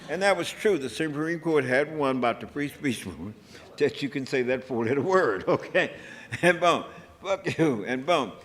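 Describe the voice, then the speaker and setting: An older man spins a story with a lively, chuckling delivery, throwing himself into the shouted bits. His voice sits in a middle register. The sound carries the long echo of a large hall. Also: medium pitch, normal speed. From United States. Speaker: activist recounting history. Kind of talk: animated storytelling talk. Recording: echoey hall.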